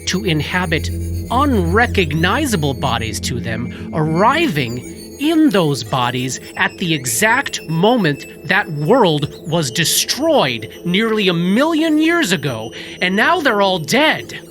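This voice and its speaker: A game master narrating a tabletop horror game in a slow, dramatic storytelling manner. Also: medium pitch, sing-song, fairly bright tone, soft background music.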